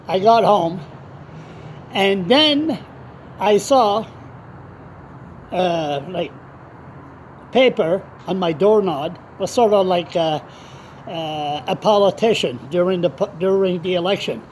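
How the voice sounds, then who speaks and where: Rambling, animated man telling a story. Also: high voice, a little hiss or hum. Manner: rambling, animated, swears freely. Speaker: blogger. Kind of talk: casual storytelling vlog.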